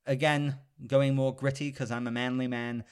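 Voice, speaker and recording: A man's voice: medium pitch, flat delivery, moderate pace, clear, resonant tone. A man co-hosting a podcast in casual chat, rambling and enthusiastic, with lots of hedging fillers. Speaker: podcast co-host.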